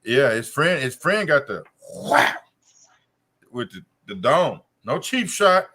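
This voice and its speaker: A man's voice: medium pitch, big pitch swings, slow, sharp tone. A man telling a long profane story on a casual podcast, with a loose, drawling delivery. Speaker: co-host.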